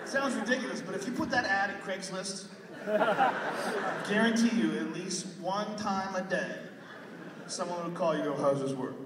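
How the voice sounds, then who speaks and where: Male stand-up comic, high and lively voice, profane and shouting, recorded from far off in a big echoey hall over a loud crowd. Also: normal speed, long pauses. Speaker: stand-up comedian. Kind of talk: live stand-up set. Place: large live venue with an audience. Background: loud crowd laughter and noise.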